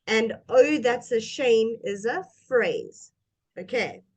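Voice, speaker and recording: A woman with an animated voice on the high side teaches English to a single student. Her pace is slow and patient as she demonstrates how the intonation should sound.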